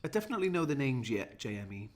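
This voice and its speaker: A man's voice: mid-range voice, sing-song, very fast. A tired, jetlagged man from Wales, rambling and self-mocking as he chats with viewers on a livestream. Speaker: livestream host. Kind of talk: casual livestream chat.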